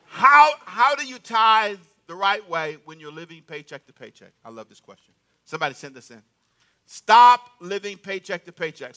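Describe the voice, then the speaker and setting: Male pastor, high and sharp-toned, emphatic call-and-response sermon delivery. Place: church sanctuary.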